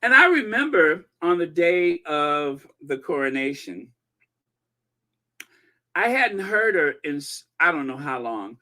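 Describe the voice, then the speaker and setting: A man hosting a live-stream commentary, reading viewer comments aloud in an animated, gossipy way. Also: on the high side, slow. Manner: animated and gossipy, breaking into laughter. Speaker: channel host.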